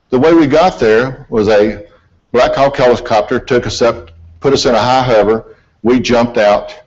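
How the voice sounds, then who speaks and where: A man's voice: medium pitch, a little mellow. A middle-aged man, an accident investigator giving a presentation and telling a folksy, self-deprecating story. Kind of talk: presentation to an audience. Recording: dull lo-fi hall recording.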